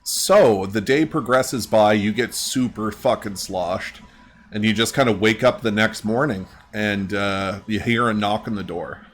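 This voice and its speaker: A man's voice: fairly low pitch, a little slow, a little hiss or hum. A man narrating a tabletop game as game master in a casual, laid-back way.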